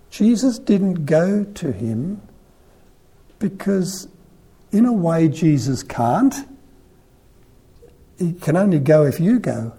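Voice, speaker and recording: A man giving a conversational sermon, retelling a Gospel story in an animated, storytelling way. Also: fairly high pitch, measured pace, gravelly, breathy edge.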